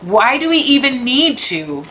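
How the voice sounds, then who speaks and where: A fairly high-pitched female streamer speaks a little slowly while gaming, animatedly venting about something that exasperated her and swearing occasionally. Faint game music plays, and the low-quality recording carries a bit of hiss or hum.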